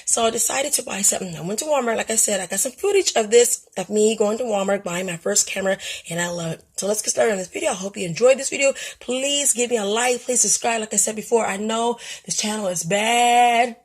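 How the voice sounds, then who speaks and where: A woman hosting her own craft channel, chatting excitedly and self-deprecatingly to viewers in a casual unboxing vlog. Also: on the high side, a little fast, hardly any pauses, slightly rough. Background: people upstairs making noise.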